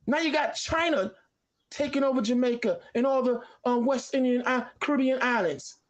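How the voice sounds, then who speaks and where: A man arguing on a talk show, combative, firing off rapid questions. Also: extremely high pitch. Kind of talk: heated talk-show debate.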